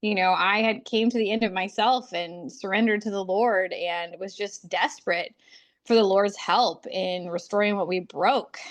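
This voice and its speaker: A woman hosts her faith-based podcast in an earnest, confiding monologue. Her voice sits at a medium pitch, and soft laughs break in between her thoughts. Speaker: podcast host and coach for women.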